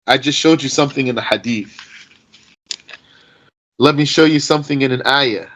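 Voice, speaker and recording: A man teaching an informal Arabic grammar lesson. He speaks slowly and deliberately, reciting Arabic text and then explaining it in English. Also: mid-range voice, a bit bright, low-quality recording.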